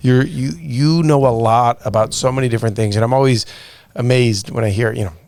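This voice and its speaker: Gravelly-voiced man hosting a podcast. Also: mid-range voice, fairly even intonation, darkish tone, no room sound. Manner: enthusiastic, complimentary, halting restarts. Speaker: podcast host. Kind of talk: interview conversation.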